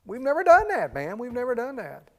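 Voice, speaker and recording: A man's voice: very high voice, huge pitch swings, fairly quick, a bit bright. A middle-aged man, a pastor, chatting casually and folksily in a Q&A, joking and often saying "man". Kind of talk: casual Q&A chat. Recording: long hall reverb.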